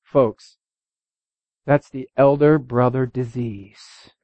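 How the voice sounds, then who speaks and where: A man preaching a sermon, telling a story and reading scripture, his voice swinging from loud and high to low and quiet. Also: steady tone, slow pace, no room sound. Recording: dull, dry lo-fi recording.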